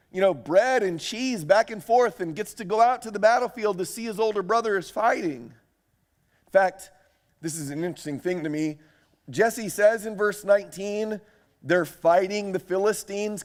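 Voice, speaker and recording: Lively man preaching a sermon. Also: sits high. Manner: animated, asks the audience questions. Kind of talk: sermon lecture.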